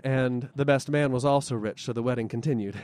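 A male storyteller telling a folk tale live at a festival, lively and expressive, with dramatic pauses. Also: medium pitch.

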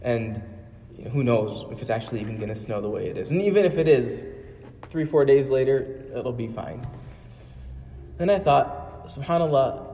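A man's voice: medium pitch, lively intonation, normal speed, long pauses, dark tone, big-room sound. A man preaching an Islamic sermon, earnest and searching, with many fillers and repeated phrases.

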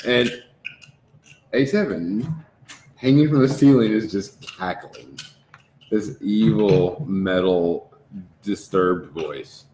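A man game master narrates a tabletop session in a slow, dramatic, descriptive way. His voice sits fairly low, and the recording is roomy with faint background noise. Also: dark tone.

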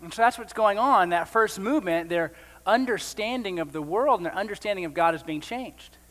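Male pastor, high-pitched, conversational sermon delivery with jokey asides, church hall with long reverb. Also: lively intonation, brisk, fairly bright tone.

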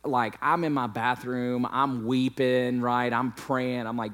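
A male pastor in his thirties preaches by telling a candid story about himself. His voice is mid-pitched and plainly conversational. He pokes fun at himself as he recounts his mistakes. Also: flat delivery, takes it slowly, hardly any pauses, a bit bright. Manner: candid, self-deprecating storytelling with acted quotes. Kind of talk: sermon storytelling.

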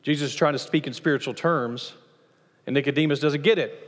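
A man preaching a sermon as pastor of a church, lively, acting out voices from the passage as he teaches. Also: a little fast. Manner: animated, acts out quoted voices with rising pitch. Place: church sanctuary. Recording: long church reverb.

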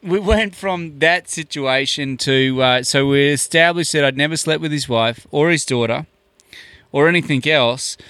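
A man's voice: a little high, measured pace, smooth, no echo. A man, a podcast guest telling a long story casually and acting out the dialogue. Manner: animated, acts out quoted dialogue with many "I'm like".

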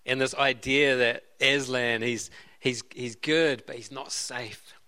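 A man's voice: mid-range voice, steady tone, slow pace, pushed and bright, clean tone. A man preaching a sermon in an earnest way, often repeating and restarting his phrases. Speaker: pastor.

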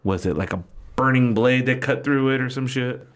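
A man's voice: medium pitch, moderate pace. A man playing a tabletop game, asking casual questions of the game master. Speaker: player.

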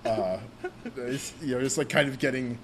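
A man's voice: medium pitch, normal speed, fairly bright tone, a little hiss or hum. A young man co-hosting a casual podcast about role-playing games, rambling with many fillers. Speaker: podcast co-host.

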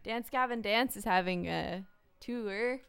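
A woman's voice: medium pitch, slow, vocal fry, smooth, dry recording. A young woman co-hosting a podcast, playful and teasing, often laughing while she talks. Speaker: podcast co-host. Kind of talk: casual chat.

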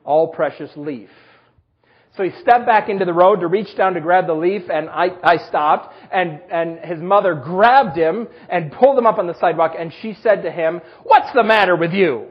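A man preaching a sermon, telling personal stories with self-deprecating humor in a husky voice. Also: high voice, moderate pace, muffled recording. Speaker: pastor.

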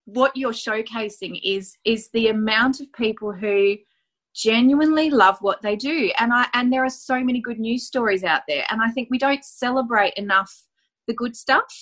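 A woman's voice: on the high side, moderate pace, a bit bright. An Australian woman, a guest on a podcast interview, talking effusively with many fillers and rambling sentences. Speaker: guest, award finalist. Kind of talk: casual conversational interview.

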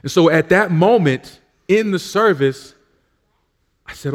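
A man's voice: on the high side, expressive, a little slow. A man preaching in a church service, telling his own story in a conversational way with frequent fillers and restarts. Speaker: pastor. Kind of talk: sermon with personal testimony.

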